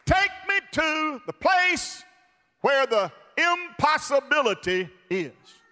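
A fervent male preacher with a high, bright, ringing voice that swings from hushed asides to full shouts. His sermon carries the long reverb of a big church hall. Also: very animated, takes it slowly, some chatter behind.

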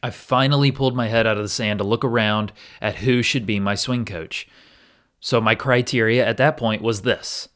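Earnest low-voiced man telling his story. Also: steady tone, normal speed, a bit bright. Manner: earnest and candid, with occasional restarts. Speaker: podcast host. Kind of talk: reflective solo podcast storytelling.

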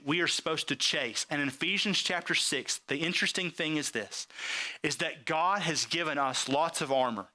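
A man preaching a sermon, asking the audience questions and swinging his delivery up and down for emphasis. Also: sharp tone. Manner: call-and-response questions, emphatic swings in pitch.

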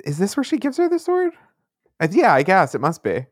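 A man co-hosting a casual podcast chat, tossing in quick jokes and asides. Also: high-pitched, huge pitch swings, dry recording, studio quality. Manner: quippy, jokey asides. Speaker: podcast co-host.

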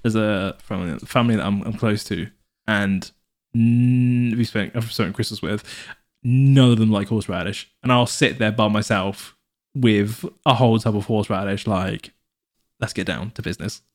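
A man's voice: lowish voice, normal speed. A man co-hosting a podcast in casual chat, rambling and restarting himself, animating anecdotes with put-on voices. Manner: rambling, self-correcting, lots of fillers and restarts. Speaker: podcast co-host.

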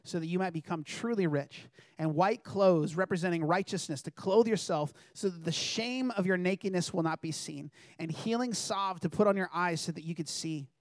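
A man's voice: high-pitched, normal speed, few pauses, no room sound, clean studio sound. A man preaching a sermon in an earnest, conversational way, reading scripture aloud and addressing the congregation directly.

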